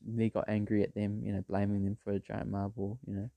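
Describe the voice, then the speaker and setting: A man's voice: on the low side, monotone, brisk, creaky, dark tone, dry recording. A man telling a made-up story in a rambling, casual way, full of fillers and restarts. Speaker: vlogger.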